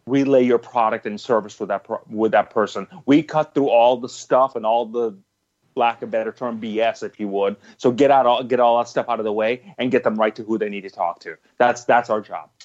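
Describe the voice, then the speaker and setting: A man's voice: mid-range voice, a little mellow, highs cut off. A man answering interview questions about his business, emphatic and repetitive, often restarting his sentences. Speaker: guest, business owner.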